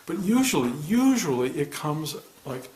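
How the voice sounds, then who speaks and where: A man in his sixties, a meditation teacher, giving a soft-spoken, reflective spiritual talk in answer to a student. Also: mid-range voice, moderate pace. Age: 60s. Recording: echoey room.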